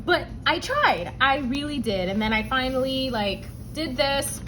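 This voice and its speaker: A woman's voice: high-pitched, animated, unhurried, sharp tone, slight background noise, poor audio. A woman hosting a budgeting vlog, telling a personal story with emotion and calling her viewers y'all. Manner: emotional, tearful at times, addresses viewers as y'all. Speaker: budgeting channel host.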